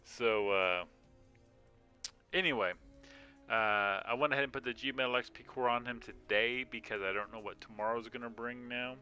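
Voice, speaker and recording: In a casual live stream from his home room, a man plays a mobile game and chats with viewers, rambling with plenty of yawns and filler words. He speaks at medium pitch and normal speed in a steady, sharp, clear and resonant voice, over soft background music.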